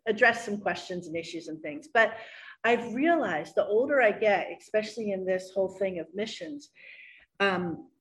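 A woman's voice: mid-range voice, lively intonation, normal speed, rough recording. A middle-aged woman giving a church talk, telling a personal story in an earnest, storytelling way with fillers. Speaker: guest speaker.

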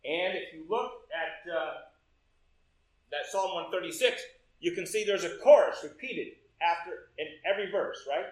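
A man's voice: sits high, expressive. A man preaching a sermon to his congregation, leading them through a psalm and checking in with them as he goes. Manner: unhurried, talks to congregation with "right?" checks. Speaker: pastor. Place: church sanctuary. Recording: echoey church room.

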